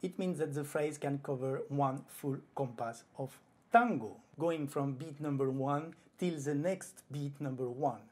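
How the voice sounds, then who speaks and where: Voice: medium pitch, unhurried, darkish tone, breathy edge. A flamenco guitar teacher giving an online lesson, explaining patiently and voicing rhythm syllables aloud. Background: faint guitar playing.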